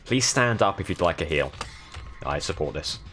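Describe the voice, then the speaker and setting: A man's voice: low voice, expressive, moderate pace, fairly bright tone, soft background music. A young man from the south of England with a southern English accent, commentating on his live gameplay and thanking viewers as they follow. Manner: chatty, thanking viewers while playing. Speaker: streamer.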